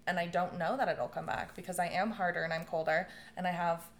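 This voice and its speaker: A young woman in a casual conversation, telling stories with lively bursts of laughter and swearing. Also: fairly low pitch, fast. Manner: animated storytelling, laughing often, swearing. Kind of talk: casual chat.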